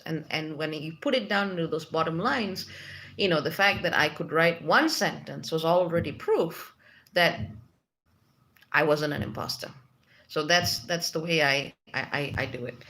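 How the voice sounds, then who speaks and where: A woman's voice: fairly low pitch, fairly bright tone. A woman hosting a spiritual livestream, chatting casually and reading out viewer comments with lots of fillers. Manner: chatty, reads comments aloud with many fillers.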